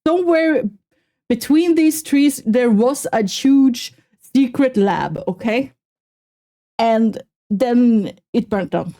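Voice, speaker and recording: A young woman streaming, chatting casually and self-mockingly with her viewers in quick exclamations. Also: a little high, dark tone. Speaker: streamer reacting to a video. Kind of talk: casual live-stream chat.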